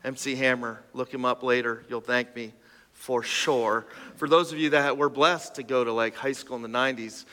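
A man's voice: mid-range voice, fairly even intonation, moderate pace, bright, forceful tone, in a large hall. A man preaching a sermon as a pastor, talking conversationally with self-deprecating asides and stammered restarts.

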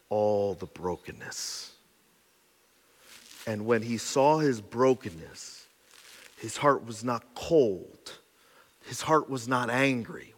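A man preaching a sermon as a pastor, swinging between loud, urgent passages and soft, hushed ones, repeating phrases for emphasis with casual fillers. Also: medium pitch. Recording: long reverb of a large hall.

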